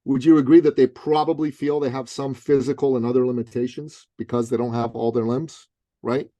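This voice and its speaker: Lively storytelling man, dry close sound. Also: medium pitch, fairly quick, no echo. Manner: lively, punchy, acts out other people's voices. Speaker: author and business coach, guest. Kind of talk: animated storytelling in an interview.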